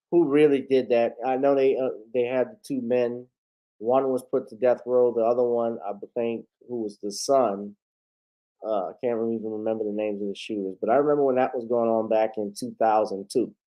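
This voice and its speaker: A man hosting a casual news commentary show. He talks at an ordinary middle pitch, rambling loosely. He often pauses on fillers as he thinks. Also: low-quality recording. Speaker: host.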